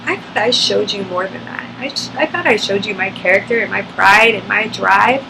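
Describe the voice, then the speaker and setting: Woman vlogging a personal story, emotional, lots of ums, kinda gravelly voice, ac humming in the background. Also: medium pitch, moderate pace, background noise. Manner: emotional, candid, frequent fillers.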